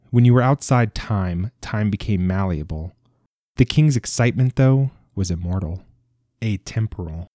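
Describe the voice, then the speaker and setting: A man reading a story aloud in a measured, expressive way. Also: fairly low pitch, dry recording, clean studio sound. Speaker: narrator. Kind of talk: scripted story narration.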